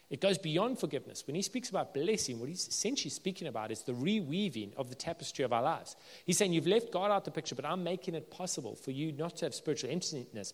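Male pastor, sermon delivery, emphatic swells then quiet drops; slightly raised pitch, big reverberant hall. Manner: earnest, builds to emphatic peaks then drops low.

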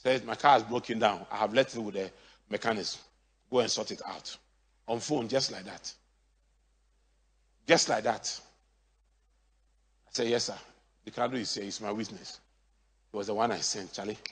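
Husky-voiced pastor man preaching, jumps from hushed bits to shouting, big churchy echo. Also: on the low side, normal speed, pauses often. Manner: animated preaching, swings from quiet asides to shouting. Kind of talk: sermon. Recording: church hall reverb.

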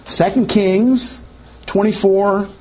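A man teaching a Bible study lesson in an unhurried, explanatory way, correcting himself as he goes. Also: high-pitched, steady tone, a little mellow, slight background noise.

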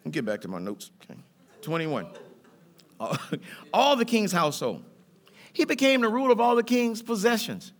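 A man's voice: sits high, big pitch swings, moderate pace, long pauses. A middle-aged male pastor, preaching a sermon with rising fervor and a loose, rhythmic, colloquial delivery. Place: church sanctuary.

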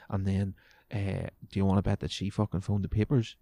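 A man's voice: sits low, level tone, quick pace, creaky, warm tone, dry recording. A young man, a podcast host ranting casually and sarcastically, swearing as he reads news items aloud.

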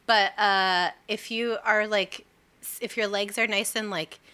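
A pregnant woman co-hosting a podcast, chatting casually in a relaxed, unhurried way. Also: medium pitch, clean tone. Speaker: podcast co-host. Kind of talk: casual chat.

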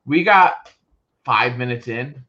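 A man co-hosting a casual podcast tells stories with lively animation, acting out the voices of people he quotes. His voice is bright and forceful. The recording sounds dull and lo-fi. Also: mid-range voice, slow. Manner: animated storyteller, acts out quotes loudly. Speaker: podcast co-host. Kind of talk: casual chat.

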